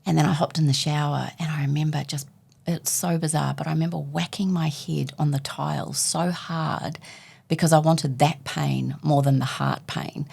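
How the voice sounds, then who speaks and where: A woman's voice: deep voice, fairly even intonation, normal speed, creaky, darkish tone, slightly rough. A woman, a guest author telling a personal story in conversation and acting out the dialogue as she goes.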